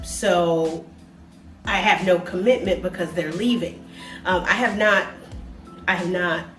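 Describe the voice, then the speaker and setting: Chatty woman in her forties, echoey. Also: medium pitch. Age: 40s. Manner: rambling, chatty, many fillers. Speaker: travel vlogger. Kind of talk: casual chat. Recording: echoey room, mic far off, faint music.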